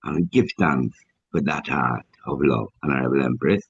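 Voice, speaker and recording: Very deep gravelly man, fervent elder blessing, dry muffled video-call audio. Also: moderate pace, no echo. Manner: fervent, devotional phrasing. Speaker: council elder. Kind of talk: warm spiritual affirmation.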